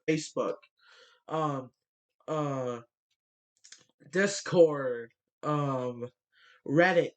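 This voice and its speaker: A man ranting bluntly into the camera, swearing often and filling pauses with fillers, his nose stuffy from a cold. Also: on the high side, a bit bright. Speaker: vlogger. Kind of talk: ranting monologue.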